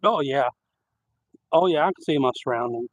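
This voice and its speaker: A man telling rambling, animated stories on a live stream, outdoors at night. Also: mid-range voice, normal speed, poor audio. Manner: rambling, animated anecdotes with laughter. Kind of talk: casual outdoor storytelling.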